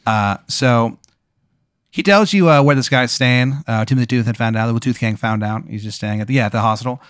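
A man's voice: mid-range voice, a little fast, fairly bright tone, smooth, no echo, studio quality. A man running a tabletop game as game master, talking casually and swearing. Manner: casual, profane, rambling.

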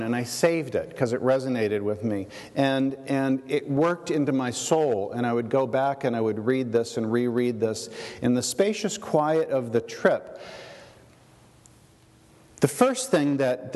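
A man giving a shared sermon as pastor, reflective and halting, with many fillers and restarts. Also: medium pitch, a little mellow, big-room sound.

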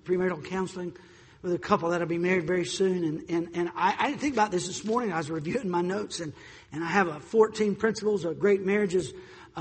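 A man preaching a sermon, telling stories in an animated way, acting out voices, and swinging between loud and soft. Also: high voice, breathy edge, long reverb tail. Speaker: pastor.

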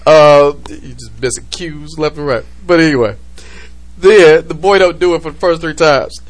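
A man's voice: a little high, normal speed. A man in his thirties hosting a podcast, talking in casual, profane, joking banter. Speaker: podcast host.

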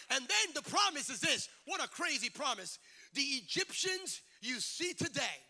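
High, bright-voiced energetic preacher man. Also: moderate pace, gravelly. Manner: rhythmic repetition building to shouted climaxes; energetic, animated. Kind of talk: sermon. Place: church service before a congregation.

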